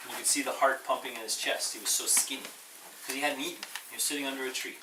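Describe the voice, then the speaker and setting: A man's voice: mid-range voice, fast. Casual male teacher, echoey distant sound. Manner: casual, animated, acting out quotes. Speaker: Buddhist minister and teacher. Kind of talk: storytelling lesson to a group. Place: room with a small audience. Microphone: distant room mic. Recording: echoey room, far mic, background noise.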